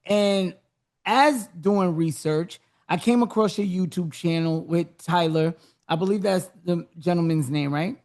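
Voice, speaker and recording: An enthusiastic podcast host with a gravelly, fry-heavy voice in a mid register. The host keeps cheering the guest on and firing questions in a loose, casual way. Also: medium pitch, unhurried. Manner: hyped and encouraging, gives big shout-outs.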